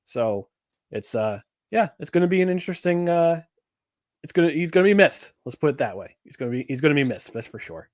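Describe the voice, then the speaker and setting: Rambling male podcast host, slightly high. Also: sing-song, fairly quick, dry recording, studio quality. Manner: rambling, many restarts and fillers. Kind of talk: casual podcast chat.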